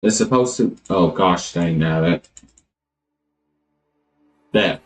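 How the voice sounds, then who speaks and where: Slow-talking man streamer, third-person banter. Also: deep voice, faint music behind. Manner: refers to himself in the third person by his streamer name; slow, rambling, thinks aloud. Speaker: live streamer. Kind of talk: casual live-stream chat.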